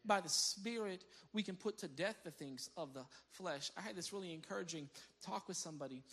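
Male pastor, fairly high, bright voice, loose conversational sermon, laughs at his own stories. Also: brisk. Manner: animated storyteller who breaks into laughter; repeats words as he restarts phrases.

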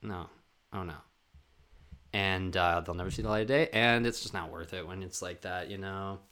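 A man vlogging to camera, telling a comedic story in a rambling, profane way, full of "like" fillers and acting out other people's voices with big jumps in pitch. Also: steady tone, a little fast, sharp tone, clear, resonant tone.

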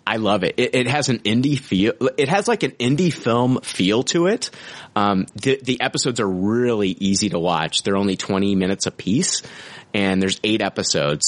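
A man's voice: deep voice, a bit bright. A man co-hosting a podcast, chatting casually and enthusiastically, with frequent restarts and filler words. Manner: enthusiastic, rambling with many restarts. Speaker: podcast co-host. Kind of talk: casual review chat.

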